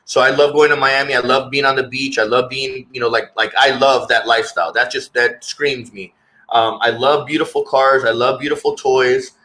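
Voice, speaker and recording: A man's voice: medium pitch, steady tone, moderate pace, bright, forceful tone, rough recording. A man speaking as a guest in a candid interview, earnest and reflective, often repeating words as he searches for his thoughts.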